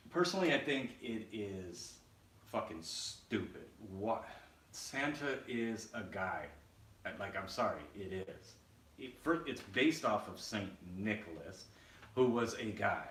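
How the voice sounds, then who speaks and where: A man's voice: fairly low pitch, lively intonation, a little slow, fairly bright tone. A man co-hosting a podcast, talking in a casual, blunt, opinionated way and swearing freely. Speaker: podcast co-host. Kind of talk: casual chat. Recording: roomy echo, distant mic, faint noise.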